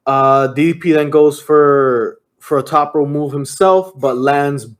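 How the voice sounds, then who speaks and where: A man's voice: on the high side, measured pace, clear, resonant tone. A young man chatting casually on a podcast, giving a rambling play-by-play recap full of fillers and swearing. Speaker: podcast co-host. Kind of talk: casual chat recapping a wrestling match.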